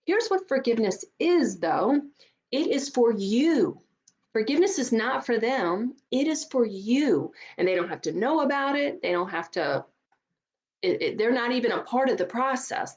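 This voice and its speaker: A middle-aged woman coach giving an earnest, emphatic motivational talk, often repeating words for stress. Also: fairly high pitch. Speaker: divorce coach.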